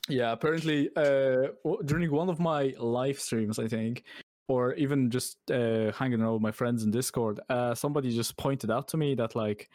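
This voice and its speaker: A man's voice: mid-range voice, fairly even intonation, normal speed, darkish tone, no echo. A man in his twenties with a mixed Irish accent, chatting casually and laughing often on a video call. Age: 20s. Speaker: podcast guest. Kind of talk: casual chat.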